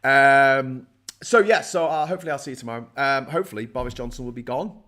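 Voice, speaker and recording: A man's voice: medium pitch, fast, bright, forceful tone. A middle-aged man hosting a casual livestream from his desk, rambling, swearing and joking as he reads out viewer comments. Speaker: live show host.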